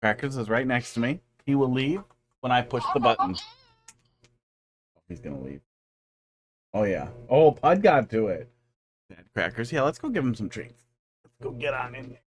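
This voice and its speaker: Animated man chatting on a game stream. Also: medium pitch, normal speed, pauses often, background noise. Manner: chatty, talks fondly to his cats between greeting viewers. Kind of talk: casual live-stream chat.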